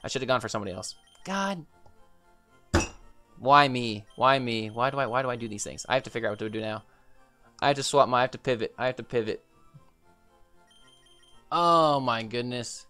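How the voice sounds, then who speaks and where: A man's voice: medium pitch, fairly even intonation, racing, bright, forceful tone, faint music behind. Exasperated young man ranting over gameplay. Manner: frustrated, swearing, repetitive exclamations. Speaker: gaming streamer. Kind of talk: reactive gameplay commentary.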